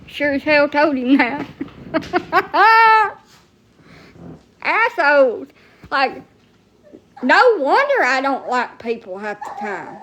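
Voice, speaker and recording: A fired-up woman venting on a phone livestream, her voice sitting up high. She curses constantly, snaps back at her viewers and drawls her complaints with attitude. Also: fairly bright tone, slight background noise. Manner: profane, heated, sassy, talks back to viewers. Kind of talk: ranting live stream.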